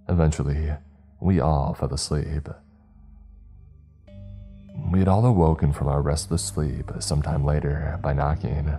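A man reading a first-person horror story as narrator, slowing down in the tense moments. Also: rumbling low, dark tone, husky.

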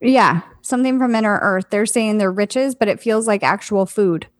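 A woman in casual chat as a psychic medium, talking in a hesitant, musing way with many fillers and pauses. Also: medium pitch.

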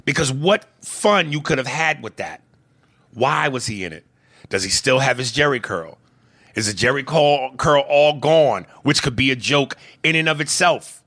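A man co-hosting a podcast in casual movie chat, profane and animated, slipping into mocking impressions and shouting when riled. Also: medium pitch, normal speed. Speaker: podcast co-host.

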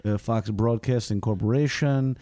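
A man playing an earnest, deadpan Lithuanian immigrant shuttle driver with a Lithuanian accent, in an improvised comedy bit. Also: fairly low pitch, no room sound, clean studio sound, pitched below the performer's own voice, lightly acted. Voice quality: earnest, deadpan, slightly halting.

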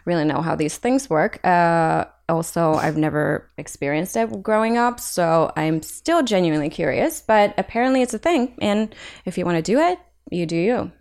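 A young woman with a Hungarian accent speaks in a slightly low voice. She is an illustrator being interviewed on a podcast and talks frankly, with plenty of energy. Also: moderate pace, creaky. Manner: frank, animated, laughs often. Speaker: illustrator guest.

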